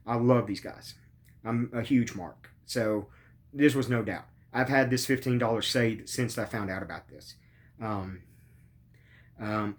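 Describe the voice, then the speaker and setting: A man hosting a podcast, in pain after surgery, rambling casually with lots of ums and swearing. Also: medium pitch. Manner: rambling, profane, many ums and uhs. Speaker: podcast host.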